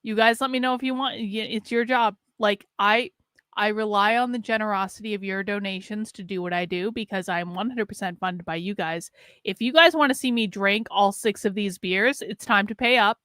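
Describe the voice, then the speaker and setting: A woman's voice: mid-range voice, moderate pace, a bit bright, clear, resonant tone, no room sound, clean studio sound. A tipsy woman hosting a casual livestream, swearing and teasing her viewers, slipping into a mock Southern drawl. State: tipsy from drinking beer. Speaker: livestream host.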